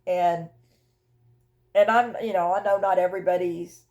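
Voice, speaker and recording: An older woman talking candidly about her grief in a personal vlog, emotional and halting, often repeating words as she searches for them. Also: lowish voice, fairly even intonation, darkish tone. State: widowed, tearful. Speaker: vlogger sharing her grief journey.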